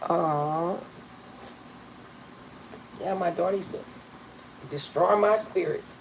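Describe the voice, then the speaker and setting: A woman's voice: on the low side, slow pace, gravelly, a little hiss or hum, rough recording. A middle-aged woman reading tarot, telling rambling stories to her viewers and laughing often. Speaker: tarot reader. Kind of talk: casual storytelling to viewers.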